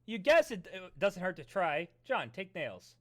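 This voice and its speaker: Man, high pitch, animated, bright tone, casual chat, dramatic read-aloud. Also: unhurried. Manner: lively, breaks into loud theatrical readings. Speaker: co-host reading a webcomic aloud.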